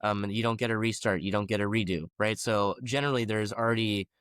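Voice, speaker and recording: A man's voice: on the low side, steady tone, quick pace, a bit bright, clear, resonant tone, no room sound, clean studio sound. A man explaining gymnastics pressure in a podcast discussion.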